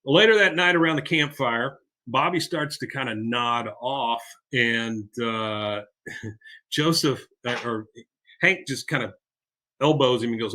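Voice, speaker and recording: A man's voice: mid-range voice, measured pace, sharp tone. A man co-hosting a podcast, casually retelling an episode scene by scene with side comments. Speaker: podcast co-host.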